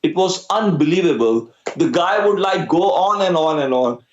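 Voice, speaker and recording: Young Pakistani-accented man, Urdu native, musician guest; slightly high voice, hesitant, echoey muffled audio. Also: animated, normal speed, a little hiss or hum. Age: young adult. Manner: hesitant, many uh fillers. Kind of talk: casual interview talk.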